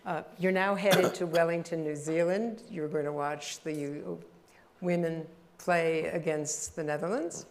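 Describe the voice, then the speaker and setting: A woman's voice: sits low, steady tone, unhurried. An older woman interviewing a guest on stage, asking questions in a chatty, conversational way. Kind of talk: panel interview.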